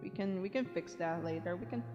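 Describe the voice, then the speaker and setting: A woman's voice: on the low side, fairly quick, lo-fi sound. A young woman art streamer chatting casually and cheerfully with her viewers, counting aloud as she draws and giggling often. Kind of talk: casual live-stream chat. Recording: long reverb, faint background music.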